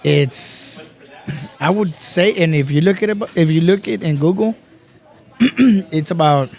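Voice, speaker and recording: A man from Texas, a podcast guest, telling stories in a casual, animated way, swearing often and calling everyone bro. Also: fairly high pitch, takes it slowly, faint music behind. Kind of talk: casual chat.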